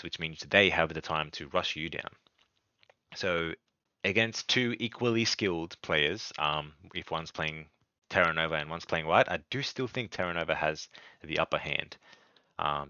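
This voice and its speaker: Low-voiced man, rambling podcast host. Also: pushed and bright, no echo. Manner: rambling, many ums and restarts. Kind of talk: casual card game strategy talk. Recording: dull lo-fi dry sound.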